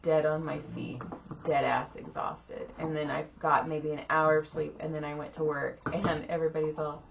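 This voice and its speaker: A woman's voice: sits low, moderate pace, creaky. A middle-aged woman co-hosting a podcast, telling a tired, profane story in casual chat and acting out the people in it. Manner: profane, animated retelling with quoted voices. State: exhausted. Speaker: podcast co-host. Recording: slightly dull audio with faint room noise.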